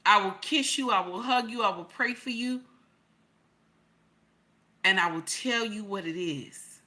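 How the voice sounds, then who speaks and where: A middle-aged woman talking casually to her viewers, emphatic and repetitive, building to loud peaks. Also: mid-range voice, unhurried. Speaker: channel host.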